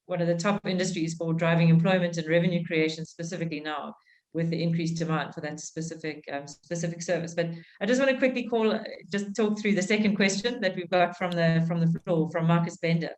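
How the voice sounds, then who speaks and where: A woman's voice: fairly low pitch, fairly even intonation, brisk, rough recording. Woman, from South Africa, webinar moderator, video call, reads questions aloud. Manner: reading out audience questions.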